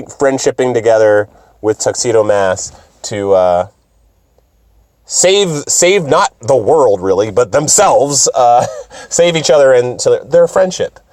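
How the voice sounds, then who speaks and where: A young man doing a profane, excitable, rambling comedic recap of an anime. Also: medium pitch, no room sound, studio quality. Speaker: video host.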